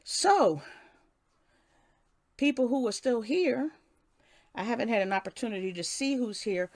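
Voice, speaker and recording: A woman's voice: fairly high pitch, lively intonation, measured pace, a little mellow, no room sound, studio quality. An older woman hosting a casual live stream, reading a passage and then greeting viewers by name with many restarts. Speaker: livestream host.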